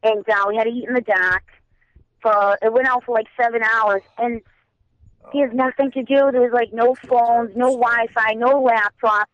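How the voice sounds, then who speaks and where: Fast-talking Boston woman caller. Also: fairly high pitch, steady tone, no room sound, dull audio. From Boston, Massachusetts. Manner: talks very fast, rambling. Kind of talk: casual call-in chat.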